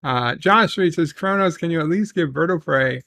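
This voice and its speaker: A man's voice: on the high side, normal speed, creaky, fairly bright tone, no room sound. A man hosting a casual livestream, rambling and reading chat messages aloud with filler ums. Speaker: livestream host.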